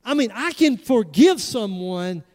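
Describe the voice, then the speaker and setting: A man, preaching with animated emphasis. He fires off rhetorical questions at his congregation. His voice carries a long hall reverb from a church sanctuary. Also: high-pitched, unhurried. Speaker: pastor. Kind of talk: sermon.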